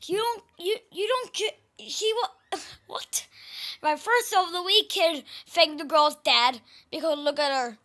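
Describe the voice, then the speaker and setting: A woman's voice: extremely high pitch, a little slow, sharp tone. A young woman giving blunt, casual reaction commentary over a clip, stumbling and restarting as she talks. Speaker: reaction video host.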